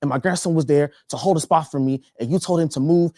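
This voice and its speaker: A bossy older grandmother who keeps pressing and accusing without letting up, as a male comedian puts her on. The voice sits somewhat higher than his own and stays close and dry, with no room sound. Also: fast talker, a little mellow, no room sound, close to an everyday voice. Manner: accusing, insistent.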